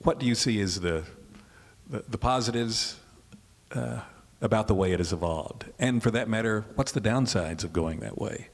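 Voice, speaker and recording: A man interviewing for an oral history, asking halting questions full of fillers. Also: on the low side, in a large hall.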